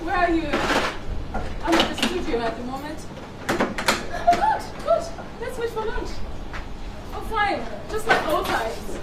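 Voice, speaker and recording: An actress playing a vain, haughty female celebrity who is quick to rage and insults people. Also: huge pitch swings, reverberant, heavy background noise, full character voice. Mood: sweet. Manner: imperious, shrill and insulting when angry. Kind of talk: Nollywood film acting.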